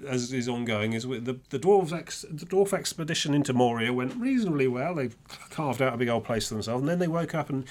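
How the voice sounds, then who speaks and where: A man's voice: medium pitch, lively intonation, fairly quick, a little mellow. A man chatting casually about a game he plays, rambling with many restarts and dry sarcastic asides. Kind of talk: casual gaming chat.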